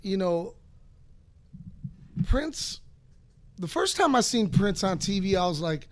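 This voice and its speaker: A man in his fifties hosting a podcast, telling a long profane story in a rambling, animated way. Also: sits high, moderate pace, creaky, long pauses. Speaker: podcast host. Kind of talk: casual storytelling.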